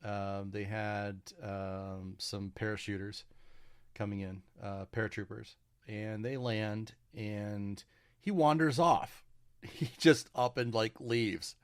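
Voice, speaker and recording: A man co-hosting a podcast in casual political chat, halting and restarting often as he swears his way through his points. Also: on the low side, fairly even intonation, smooth, dry recording, clean studio sound. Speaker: podcast co-host.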